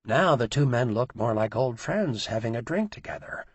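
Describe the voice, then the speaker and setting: Raspy gravelly guy reading an audiobook, lively, dry sound. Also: mid-range voice, normal speed, dry recording. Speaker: audiobook narrator. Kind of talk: audiobook narration.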